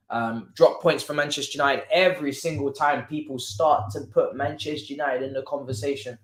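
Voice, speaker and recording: A man's voice: a little high, unhurried. Chatty man in an echoey room. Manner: chatty and joking, heavy on slang, with frequent restarts. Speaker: football watchalong host. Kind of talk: casual live-stream chat and match commentary. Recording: roomy echo.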